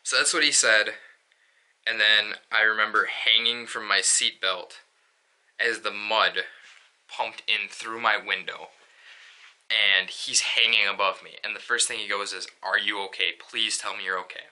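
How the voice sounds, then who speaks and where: Bright-voiced young man rambling a story. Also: fairly low pitch, steady tone, measured pace. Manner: rambling, lots of fillers and restarts. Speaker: vlogger. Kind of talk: casual storytelling vlog.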